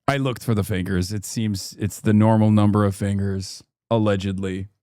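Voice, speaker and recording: A man's voice: lowish voice, steady tone, normal speed, mellow, dry recording, clean studio sound. A man from the United States giving casual, sarcastic livestream commentary on politics. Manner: sarcastic, joking.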